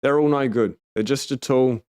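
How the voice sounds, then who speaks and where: An Australian man hosts a loose livestream and talks straight to his viewers. He is blunt and emphatic and swears freely. His voice is smooth and resonant at an ordinary middle pitch. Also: normal speed, darkish tone. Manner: blunt, heavily profane and emphatic. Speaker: livestream host. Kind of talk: casual livestream chat, reading viewer comments.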